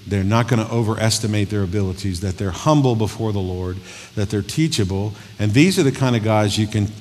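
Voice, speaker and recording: A man's voice: fairly low pitch, darkish tone, slight background noise. A male pastor preaching a folksy, joking, conversational sermon in a church hall. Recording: long hall reverb.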